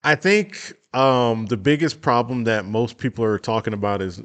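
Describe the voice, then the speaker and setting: A man co-hosting a casual wrestling chat, making his points in a measured way. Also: mid-range voice, a bit bright. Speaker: podcast co-host.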